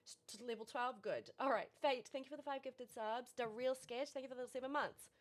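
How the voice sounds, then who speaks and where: A woman's voice: sits high, brisk. A woman in her thirties with a New Zealand accent, livestreaming in casual chat, frazzled and laughing as she rattles off thank-yous, out of breath. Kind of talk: casual live-stream chat.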